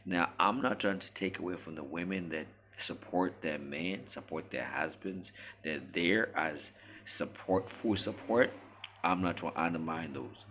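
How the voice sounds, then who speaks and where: Male commentator, low pitch, preachy and emphatic, talking straight to the viewer. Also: a little slow, a bit bright, slight background noise. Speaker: relationship commentator. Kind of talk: monologue to camera.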